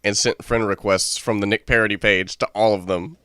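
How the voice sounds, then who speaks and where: A man's voice: on the low side, steady tone, fairly quick, a bit bright, clear, resonant tone, dry recording. A man in his twenties co-hosting a podcast, telling a rambling, profane story in casual chat. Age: 20s. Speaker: podcast co-host.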